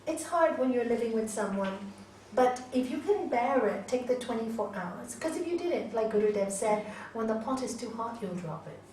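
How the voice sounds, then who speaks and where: An older woman with a fairly high voice teaches a yoga class in a loose, chatty way, laughing often and testing her students on what they know. She sounds distant from the microphone, and her voice echoes around a large hall. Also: lively intonation, moderate pace, a little mellow, a little hiss or hum. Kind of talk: informal teaching with personal stories. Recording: echoey hall from far off, faint ambience.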